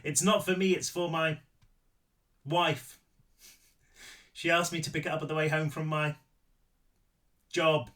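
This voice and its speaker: A man's voice: on the high side, flat delivery, measured pace, pauses often, a bit bright, far from the mic. A man voicing a nervous teenage boy who stammers and tries to sound older than he is. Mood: flustered. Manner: flustered, stammering.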